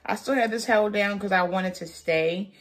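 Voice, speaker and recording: A woman's voice: mid-range voice, moderate pace. A woman beauty vlogger chatting through a wig tutorial, sassy and playful, joking with her viewers as she works.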